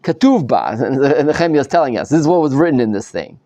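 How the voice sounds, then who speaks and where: A man's voice: medium pitch, big pitch swings, fast, warm tone, dry recording. A man, a rabbi, giving a live Bible study lecture to students, dramatizing the text with many restarts. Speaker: rabbi teaching a class.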